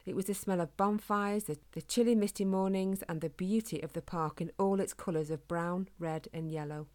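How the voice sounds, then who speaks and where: Woman reading a kids story, calm and gentle, lowish voice. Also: normal speed. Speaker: narrator.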